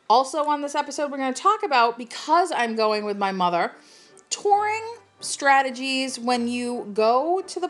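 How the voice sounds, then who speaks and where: A woman from Cape Cod co-hosting a casual podcast, chatty and laughing often with quick asides. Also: on the high side. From Cape Cod, Massachusetts. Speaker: podcast co-host.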